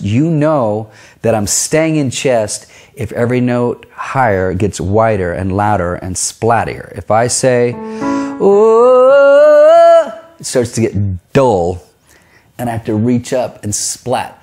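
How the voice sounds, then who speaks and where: A man's voice: on the low side, measured pace, a little mellow, faint music behind. A man teaching a singing lesson in a casual, conversational way, explaining vocal tone and stopping to demonstrate sounds. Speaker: vocal coach. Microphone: filmed on camera.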